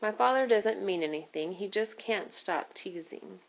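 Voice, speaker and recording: A woman's voice: medium pitch, normal speed, gravelly, poor audio. A woman voicing a caring, scolding grown woman in a read-aloud storybook. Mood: warm. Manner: fussing and motherly.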